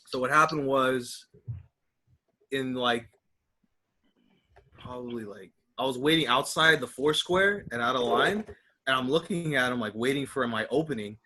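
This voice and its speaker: A young man co-hosting a casual podcast, spinning a rambling story with animated energy. His voice is bright and forward, at an ordinary pitch. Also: a little slow, pauses often, rough recording. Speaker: podcast co-host.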